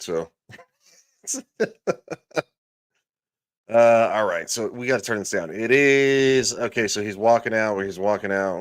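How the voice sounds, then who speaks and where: A man hosting a live stream, casually commenting with quick, self-deprecating reactions. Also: lowish voice, clear, resonant tone.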